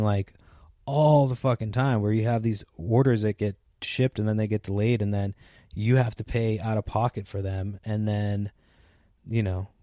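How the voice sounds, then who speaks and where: A man's voice: fairly low pitch, warm tone, dry recording, studio quality. A man in his thirties hosting a podcast, chatting loosely with lots of fillers and casual swearing. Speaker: podcast host. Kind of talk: rambling casual monologue.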